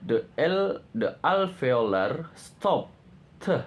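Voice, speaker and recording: Slow, halting male student presenter. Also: fairly high pitch, sing-song. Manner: halting, with frequent pauses and fillers. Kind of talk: reading out presentation slides.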